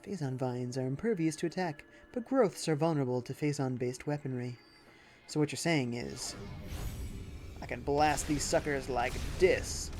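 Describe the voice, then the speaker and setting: A man's voice: medium pitch, moderate pace, a little mellow, faint music behind. A man casually commenting while he plays a video game live and reads chat messages aloud. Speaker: livestreaming gamer. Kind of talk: casual let's-play commentary.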